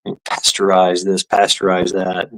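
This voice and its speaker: A man's voice: sits low, completely flat delivery, measured pace, low-quality recording. A man streaming, telling a story in a casual, rambling way, swearing often, laughing and restarting his sentences. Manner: profane, laughing, full of fillers and restarts. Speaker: live streamer.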